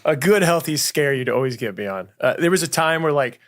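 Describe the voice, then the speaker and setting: Guy guesting on a podcast, a bit high voiced, says like a lot, earnest stories. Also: animated, brisk. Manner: earnest storyteller, lots of "like". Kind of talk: casual chat.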